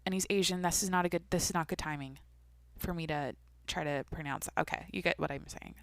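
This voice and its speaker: A young woman chats alone on her podcast, drifting from thought to thought and tossing in casual swears. Her voice sits a little low for a woman. The recording is close and dry, with no room sound. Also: fast, vocal fry, a bit bright, dry recording. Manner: rambling, swears casually, talks to herself. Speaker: podcast host. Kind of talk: casual solo podcast chat.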